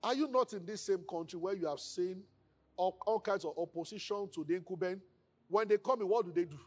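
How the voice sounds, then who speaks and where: High-pitched Nigerian pastor preaching. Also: male voice, brisk. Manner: animated preaching, acts out quoted speakers in hushed tones. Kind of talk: sermon.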